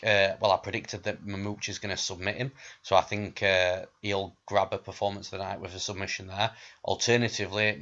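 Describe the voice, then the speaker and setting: A man with a lowish voice co-hosting a podcast, keeping a level, flat delivery as he leads the talk. The recording is slightly dull and lo-fi. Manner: steady, plain, leads the segment. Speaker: co-host. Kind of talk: casual podcast chat.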